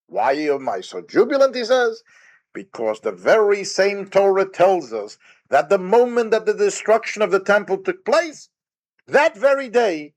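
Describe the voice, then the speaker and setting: A rabbi gives a recorded Torah lecture in a high-pitched, sing-song voice at normal speed. He's emphatic and full of rhetorical questions, retelling a Talmud story with quoted dialogue between sages.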